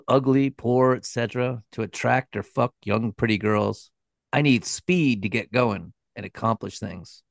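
A nasal, nerdy man, as a podcast host puts him on, reads out his plans in a dull, rambling, matter-of-fact tone that makes them chilling. The voice sits a bit higher than the performer's own, with a gravelly edge and a dry, close sound. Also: no echo. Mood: bitter. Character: nasal nerdy middle-aged man, mundane and chillingly flat.

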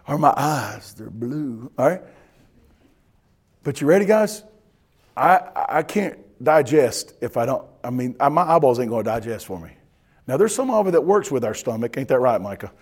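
A man preaching a sermon as pastor, folksy and animated, often asking his listeners if they are ready. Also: mid-range voice, normal speed, husky.

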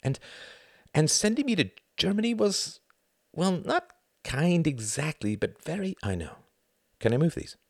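A man playing an eager, tender-hearted young man, earnest and quick to feel, his voice leaping up and down a lot. The sound is dry and close, like a storybook reading. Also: on the high side, big pitch swings, a little mellow, no echo, pitched above the performer's own voice, heavily acted.

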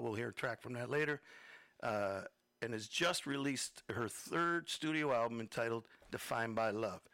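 Male radio host, gravelly and bright, nervous and rambling, dry close mic. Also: mid-range voice, no room sound. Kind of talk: casual interview chat.

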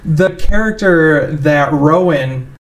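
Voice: medium pitch, slow. Wry, joking tabletop player. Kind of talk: casual tabletop game play.

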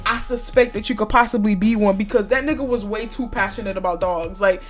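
A woman's voice: medium pitch, fairly quick, soft background music. A woman hosting a podcast, giving blunt, profane opinions in casual chat and often breaking into laughter. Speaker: podcast host.

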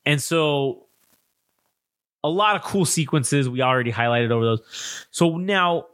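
A man co-hosting a casual film review podcast, recapping the plot in a profane, animated way and acting out characters' lines. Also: a little high, unhurried, dry recording. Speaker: podcast co-host.

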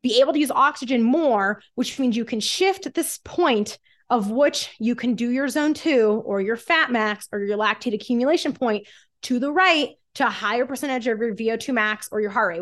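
A woman's voice: on the high side, a bit bright. A woman guest on a fitness podcast, energetically explaining exercise science with everyday analogies.

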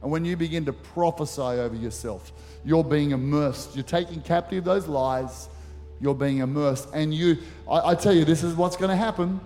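A man's voice: a little high, normal speed, warm tone. A middle-aged man preaching a sermon as pastor, telling stories animatedly with acted asides. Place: church auditorium. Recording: church hall reverb with faint music.

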